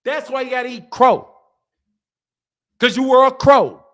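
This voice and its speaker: High-voiced man ranting about boxing. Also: pushed and bright. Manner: heated, mocking, drawn-out emphasis. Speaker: boxing channel host. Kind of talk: live-stream commentary.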